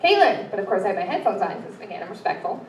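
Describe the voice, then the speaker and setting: A woman's voice: medium pitch, very fast, a little mellow. A young woman performing a stand-up comedy set, chatty and self-deprecating, with lots of ums. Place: improv theater stage with live audience. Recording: roomy, from far off, crowd and noise.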